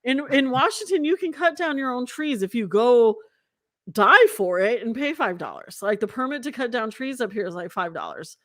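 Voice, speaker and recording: A woman in her forties hosting a casual chat, telling a story in an animated, profane way. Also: a little high, normal speed, no room sound, clean studio sound. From Southern California. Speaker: podcast host.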